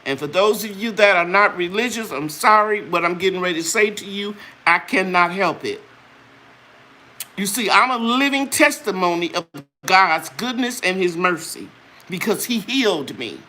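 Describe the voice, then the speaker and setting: With slight background noise, an older woman leads a live chat, her medium-pitched voice bright, forceful and lively at a moderate pace. She talks straight to her viewers, earnestly preaching a personal testimony with religious fervor before getting to the products she sells.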